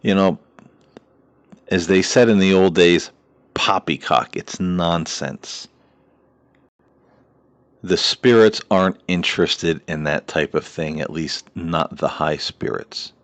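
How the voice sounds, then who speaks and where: A man's voice: deep voice, takes it slowly, pauses often, dry recording. A man hosting a paranormal talk show, speaking earnestly about faith in a preacherly cadence, with frequent "uh" and "you know" and long repeated lists. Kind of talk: earnest spiritual monologue.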